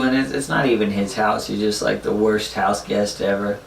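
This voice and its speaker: A young man casually retelling a night on the road, quick and animated, mimicking the others. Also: lowish voice, vocal fry, a little hiss or hum. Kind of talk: casual storytelling. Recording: roomy, distant mic.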